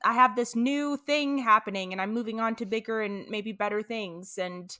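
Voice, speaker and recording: Woman, a bit high-pitched, bright voice, casual podcast co-host adding quick jokes. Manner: chimes in with short remarks and jokes. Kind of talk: casual recap chat.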